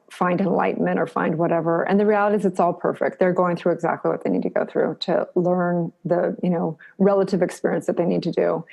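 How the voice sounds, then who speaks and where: Gravelly, earnest middle-aged woman. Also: on the low side, darkish tone. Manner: earnest, encouraging, repeats phrases for emphasis. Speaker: podcast guest. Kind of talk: reflective interview answers.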